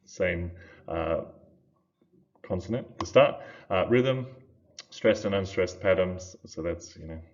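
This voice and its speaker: A man's voice: low voice, slow, lo-fi sound, slight background noise. A man teaching a lesson over slides, casual and full of fillers. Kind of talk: recorded lecture over slides.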